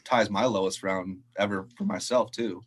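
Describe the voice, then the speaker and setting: A man, a head golf professional, telling a story casually in an interview, animated and acting out quotes, laughing often. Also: sits low, moderate pace, slightly rough.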